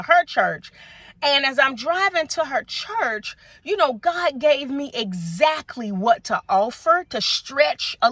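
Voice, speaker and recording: A middle-aged woman, telling her faith testimony to viewers in an animated, preacher-like way and calling them y'all. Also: on the high side, no echo. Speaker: vlogger sharing a faith testimony. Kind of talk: casual testimony talk to viewers. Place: outdoors at sunset.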